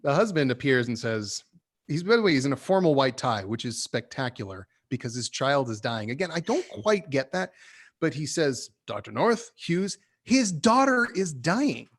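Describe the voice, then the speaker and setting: A man hosting a podcast, giving animated, opinionated notes on a screenplay and laughing often. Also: mid-range voice, normal speed. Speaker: podcast host reviewing a screenplay. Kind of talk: casual critique chat.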